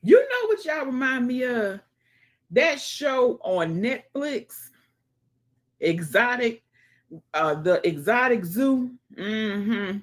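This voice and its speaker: A woman's voice: a little high, very animated, slow pace. A woman hosting a casual livestream, greeting viewers by name and chatting as she reads the comments. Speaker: livestream host.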